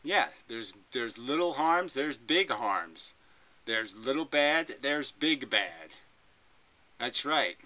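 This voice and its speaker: Bright-voiced profane male commentator. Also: mid-range voice, expressive, slow, poor audio. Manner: profane, emphatic and argumentative. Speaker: video commentator. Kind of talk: reaction commentary.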